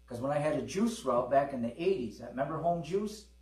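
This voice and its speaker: Midwestern preacher in an echoey hall. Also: male voice, fairly high pitch, lively intonation, brisk, darkish tone, recorded from a distance. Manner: conversational storytelling, with calls to the congregation. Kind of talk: sermon. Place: church hall with congregation.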